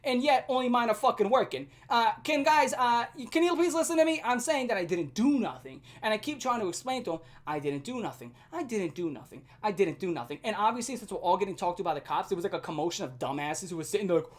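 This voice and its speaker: Profane, animated woman telling a story. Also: mid-range voice, quick pace, hardly any pauses. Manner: profane, animated, self-mocking. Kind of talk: casual storytime rant.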